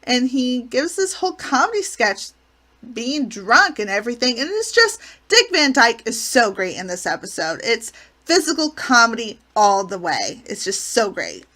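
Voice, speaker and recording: A woman's voice: a little high, very animated, moderate pace, sharp tone. A woman hosting her channel, recapping sitcom episodes in an enthusiastic, gushing way. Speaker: channel host reviewing a classic sitcom.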